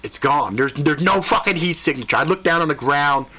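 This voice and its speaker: Animated, bright-voiced male storyteller. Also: fairly high pitch, brisk, breathy edge. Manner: animated, profane, jumps into voices and sound effects. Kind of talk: comedic spoken storytelling.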